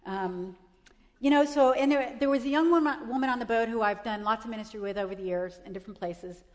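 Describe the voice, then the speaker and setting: A woman's voice: on the high side, fairly quick. Woman telling an emotional testimony in a hall. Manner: emotional storytelling with many restarts. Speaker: speaker giving a testimony. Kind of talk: personal testimony.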